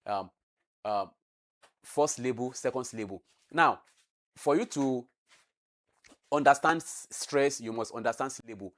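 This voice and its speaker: A man talks through past exam questions at a medium pitch. He explains step by step, repeats key terms and stretches words to stress them. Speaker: teacher. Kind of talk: exam revision lecture.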